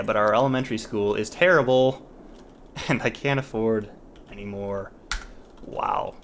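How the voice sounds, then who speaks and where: A man hosting a let's play, talking casually as he thinks aloud, restarting sentences and trailing off, with mild exasperation. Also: mid-range voice. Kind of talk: casual gameplay commentary.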